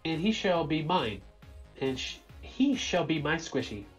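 A man's voice: a little high, big pitch swings, a little slow, soft background music. A man imitating a cheerful, scatterbrained female cartoon fish in a sing-song, bubbly voice. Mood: giddy.

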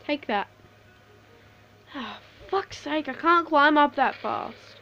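A woman giving casual live commentary over a shooter game, swearing a lot, laughing often and reacting excitably. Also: high-pitched, slow, dull audio, soft background music. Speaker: gameplay commentator.

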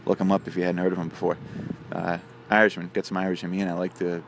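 A man's voice: low voice, little pitch movement, quick pace, background noise. A man casually telling a long joke on his channel, rambling with many fillers. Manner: rambling, filler-heavy delivery.

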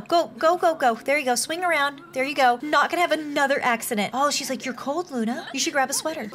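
A woman's voice: high voice, a bit bright. A young woman chatting through her life-sim game as its commentator, fussing over her characters and gasping often. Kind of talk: playful Sims gameplay commentary.

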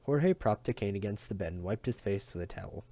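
A man reading a novel aloud in a steady, even narration. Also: on the low side, fairly quick, lo-fi sound. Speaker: audiobook reader.

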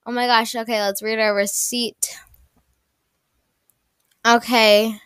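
A young woman chats through her gameplay in a smooth, fairly high voice. She is excitable and gushing, repeating herself and restarting her sentences. The sound is dry and close. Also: takes it slowly, dry recording. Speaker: gaming YouTuber. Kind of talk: casual gameplay commentary.

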